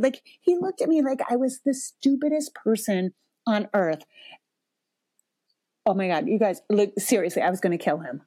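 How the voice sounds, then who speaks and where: A woman in her forties tells a personal story as a parenting podcast host, in a mid-pitched voice. She talks loosely and animated, swears freely and laughs often. When she acts out quotes her pitch jumps up. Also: moderate pace, breathy edge. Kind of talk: casual storytelling.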